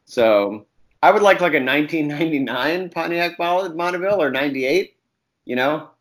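A man telling stories as a guest in a casual chat, animated and profane, acting out quotes between bursts of laughter. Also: a little high, moderate pace. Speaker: guest comics writer.

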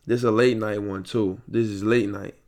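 A man's voice: fairly low pitch, fairly even intonation, normal speed, darkish tone. A young man hosting a solo podcast, ranting angrily with profanity and repetition, recorded late at night into a mic. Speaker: podcast host. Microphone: headphones and studio mic.

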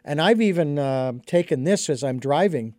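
A middle-aged male host with a rather high voice speaks in an unhurried, thoughtful way, pausing often on small fillers. The recording is close and dry, with no room sound. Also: animated, darkish tone, dry recording. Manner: thoughtful, hesitant, many uh fillers. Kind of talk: casual conversation.

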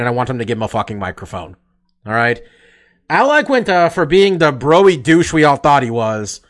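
A man's voice: a little high, a bit bright. A man hosting a casual sports chat over a video call, talking in a blunt, loose way with plenty of swearing. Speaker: podcast host.

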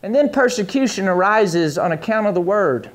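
A man's voice: high voice, expressive, moderate pace. A man preaching a sermon with emphatic, rhythmic repetition.

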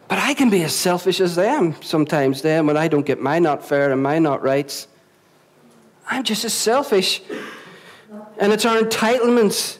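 A man's voice: on the high side, normal speed, low-quality recording. A Northern Irish man preaching a sermon as pastor, chatty, often questioning the congregation and repeating himself. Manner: conversational, asks the congregation questions, repeats words. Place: church venue before a congregation.

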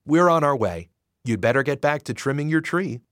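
A man voicing a steady grown man who speaks gently and reassuringly. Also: fairly high pitch, normal speed, no room sound, studio quality, pitched above the performer's own voice. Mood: gentle.

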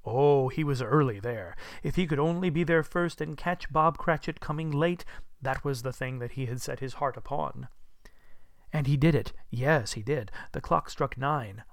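A man narrating a classic story in an expressive, storytelling manner. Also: on the high side, normal speed, creaky, dry recording, clean studio sound. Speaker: audiobook narrator. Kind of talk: scripted narration.

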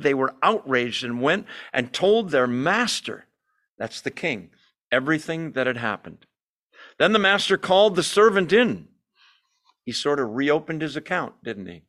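A man's voice: fairly high pitch, a bit bright. Man teaching a Bible study. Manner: reads scripture aloud with asides, slows for emphasis.

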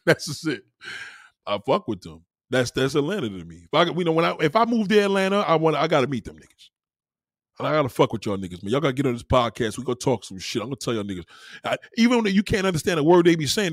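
A man's voice: medium pitch, no room sound, clean studio sound. A man hosts a podcast and rants in a crude comedic style, swearing freely and laughing at his own lines. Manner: animated, profane, laughing asides. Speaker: podcast host.

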